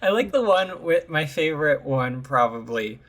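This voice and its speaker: Very deep-voiced, lively woman co-host. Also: moderate pace. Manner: laughs often, chiming in with short reactions. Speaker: podcast co-host. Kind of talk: casual gaming podcast chat.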